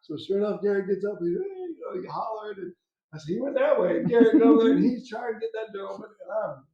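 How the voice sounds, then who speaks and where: A man telling a family story as an interview guest, lively and laughing, acting out the quotes. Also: sits high, quick pace, a loud crowd. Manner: animated, laughing storyteller who acts out quotes. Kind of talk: casual storytelling. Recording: roomy, dull sound.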